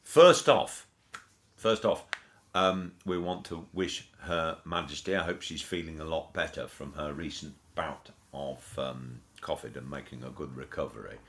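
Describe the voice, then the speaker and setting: A man's voice: rumbling low, unhurried, a bit bright. A man co-hosting a podcast in casual chat, talking in a rambling, hesitant way with wry jokes. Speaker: podcast co-host.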